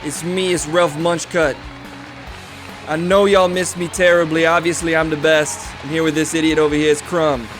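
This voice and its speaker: A brash, trash-talking small-town ex-mayor, as a man puts him on in a comedy stream. His voice sits higher than the performer's own and comes out loud and boastful, often tipping into shouting. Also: flat delivery, normal speed, faint music behind, lightly acted. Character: brash insulting loudmouth male ex-mayor.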